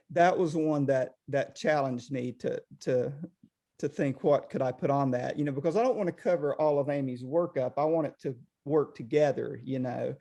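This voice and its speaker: A middle-aged man, a potter, chatting casually over a video call, rambling with many restarts. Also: medium pitch. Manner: rambling, animated, lots of restarts.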